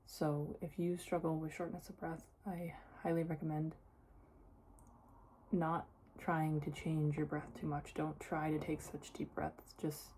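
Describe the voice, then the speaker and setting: In her personal vlog, a young woman chats about her experience, using "like" constantly as filler. Her low, darkish voice is completely flat and unhurried, with few pauses, and there's slight background noise.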